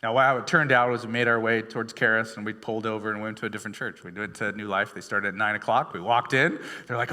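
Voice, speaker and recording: A man's voice: lowish voice, quick pace, bright, forceful tone. A male pastor preaching a sermon in a chatty storytelling way, full of fillers and restarts, in a church. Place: church sanctuary. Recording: long hall reverb.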